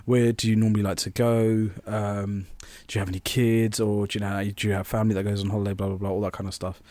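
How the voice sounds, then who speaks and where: A man's voice: on the low side, level tone, fast, darkish tone, dry recording. A young man co-hosting a podcast, rambling through an anecdote and acting out quoted voices. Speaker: podcast co-host. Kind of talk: casual storytelling chat.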